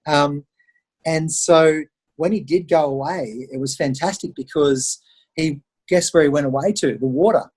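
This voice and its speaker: A middle-aged Australian man appears as a podcast guest, telling stories in an animated, conversational interview style and acting out the voices of those he quotes. His voice is fairly high, slightly rough and unhurried.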